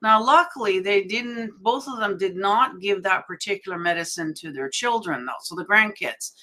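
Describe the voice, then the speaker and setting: A middle-aged woman with a bright, forceful tone, talking on a spiritual panel. She rambles candidly, stopping and restarting her sentences as she goes. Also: medium pitch, moderate pace. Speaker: panel guest.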